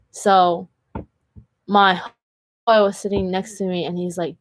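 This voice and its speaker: Brief: woman, candid chatty vlogger, mid-pitched, dry close sound, filler-heavy storytelling. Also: fairly even intonation, slow pace, long pauses, no echo. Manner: earnest and candid. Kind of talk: casual storytelling vlog.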